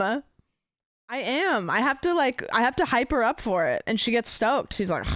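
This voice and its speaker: A woman's voice: on the high side, sing-song, measured pace, dry recording, clean studio sound. A woman streamer chatting casually, telling rambling stories full of fillers and giggles. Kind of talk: casual chat.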